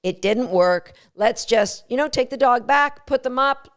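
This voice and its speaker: A woman dog trainer hosting an instructional podcast, emphatic and lively, acting out little quotes as she explains. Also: on the high side, unhurried. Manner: animated, emphatic, acts out quotes.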